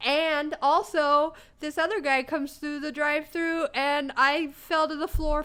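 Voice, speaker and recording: A young woman co-hosting a podcast, telling stories in casual chat, swearing freely and breaking into loud laughter between lines. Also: high-pitched, fairly even intonation, unhurried, hardly any pauses. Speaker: podcast co-host.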